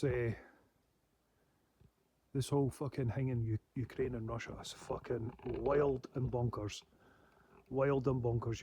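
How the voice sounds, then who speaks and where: A man's voice: medium pitch, a little mellow. A man rambling in a casual vlog monologue, swearing often and breaking into laughs. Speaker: paranormal vlogger.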